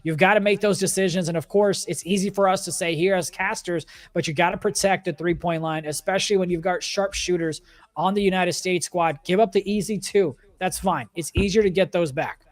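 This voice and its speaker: A man commentating an esports basketball match, breaking down stats and plays in a steady, analytical way. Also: sits high, brisk. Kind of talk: sports commentary.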